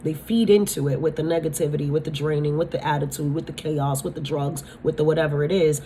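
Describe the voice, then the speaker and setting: A woman's voice: deep voice, steady tone, quick pace, mellow, slight background noise. A woman giving a spiritual tarot-style reading, talking bluntly, swearing freely and often asking her listeners if they understand. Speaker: tarot reader.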